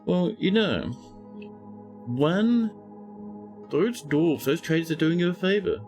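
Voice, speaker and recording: Male streamer, mid pitch, very lively intonation, chatty gameplay commentary over faint guitar. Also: slow pace. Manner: chatty, talks to chat while playing; exclaims and scolds game characters.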